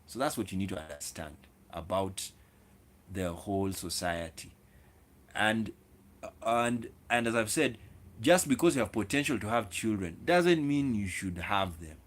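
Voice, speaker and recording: A man's voice: lowish voice, lively intonation, measured pace. A man hosting his own video, lecturing viewers directly in an opinionated monologue, with repeated words and restarts. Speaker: video host.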